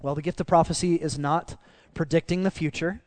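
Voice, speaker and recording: A man preaching a sermon as pastor, animated and swinging down to quiet emphasis on key phrases. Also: a little high, a little fast, no echo.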